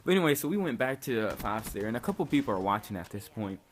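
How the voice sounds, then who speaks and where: A man's voice: mid-range voice, big pitch swings, quick pace. A young man casually telling a story on his vlog, laid-back, peppering his talk with "like" and swearing freely. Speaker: vlogger. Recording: faint background noise.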